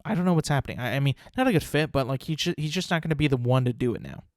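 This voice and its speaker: Talking rapid-fire with a sing-song lilt in a mid-range voice, a podcast host chats casually about the weekend's games on his own show. He rambles, repeats himself, leans on fillers and voices strong opinions. The audio is close and dry, without room echo.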